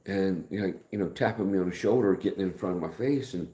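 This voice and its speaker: A middle-aged man hosting a casual live stream, rambling in a folksy way, greeting viewers by name and speaking softer than usual. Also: low-pitched, quick pace, reverberant.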